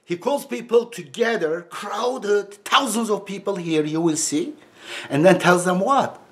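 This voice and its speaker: Guy w/ high voice ranting, scornful, loose english. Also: measured pace, a bit bright. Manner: heated, scornful, loosely phrased non-native English. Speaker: religious commentator. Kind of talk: animated off-the-cuff talk.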